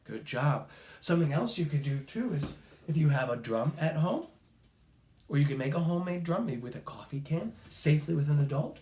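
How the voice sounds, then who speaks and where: A man's voice: fairly high pitch, expressive, fairly quick, warm tone, echoey room. A male music teacher leading children through a playful call-and-response rhythm lesson, chanting rhythm syllables.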